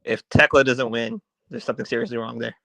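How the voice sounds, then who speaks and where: A man's voice: medium pitch, steady tone, quick pace, creaky, a bit bright, no room sound, rough recording. A man co-hosting a wrestling podcast, telling stories in an amused, casual way. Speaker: podcast co-host. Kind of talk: casual chat.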